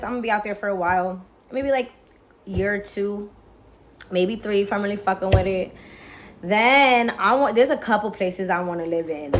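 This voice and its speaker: A young woman talking straight to camera in an easy, excitable vlog style, peppering everything with "like" and swearing. Her voice sits a little high. A faint background hiss runs under the whole recording. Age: young adult. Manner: candid, profane, lots of "like" fillers; excited, chatty. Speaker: vlogger. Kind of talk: casual vlog chat.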